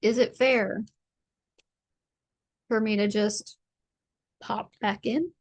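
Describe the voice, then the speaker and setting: A woman's voice: medium pitch, steady tone, slow, slightly rough, no echo. A woman giving a casual collective tarot reading, chatty and rambling, with a playful streak. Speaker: tarot reader.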